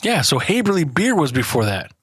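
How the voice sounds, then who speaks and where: A man's voice: on the high side, very animated, fairly quick, fairly bright tone, breathy edge, no room sound. A man co-hosting a casual podcast, swearing a lot, laughing often and rambling through stories. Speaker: podcast co-host. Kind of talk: casual banter.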